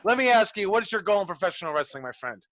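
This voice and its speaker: A man coaching a wrestling class over a video call, telling stories in an animated, profane way. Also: sits high, rapid-fire, no room sound, highs cut off. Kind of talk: online class, casual coaching talk.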